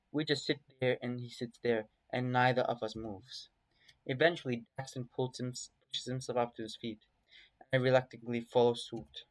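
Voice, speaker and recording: A man with a mid-pitched voice reads a visual novel aloud in first person over poor audio. He keeps things casual, swears freely and pauses to chat about the choices he makes.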